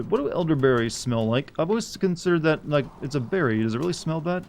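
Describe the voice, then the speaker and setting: A man's voice: a little high, animated, fast talker, vocal fry, hardly any pauses, darkish tone, a little hiss or hum. A man streaming a video game live, rambling casually, chuckling, and fumbling as he tries out pronunciations.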